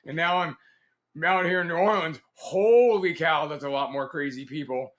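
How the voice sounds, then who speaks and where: Middle-aged man, guest storyteller, animated, slightly high voice, bright tone. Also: a little fast. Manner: animated, laughs often, acts out quoted dialogue. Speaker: guest, Navy veteran. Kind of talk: casual storytelling interview.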